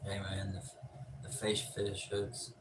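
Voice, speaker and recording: A low-voiced man chats loosely with his live-stream viewers, joking and cursing as he goes. He sounds some way off the mic. His voice rings in a roomy echo over steady ambient noise. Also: slow, recorded from a distance. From Pennsylvania. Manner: laid-back, joking, swears freely. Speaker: livestream host. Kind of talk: casual live-stream chat.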